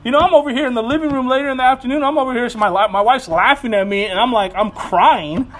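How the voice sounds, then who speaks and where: Casting: male pastor, thirties, light high voice, earnest preaching, animated when telling stories. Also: a little hiss or hum. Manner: earnest, animated storytelling with quick asides. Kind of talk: sermon.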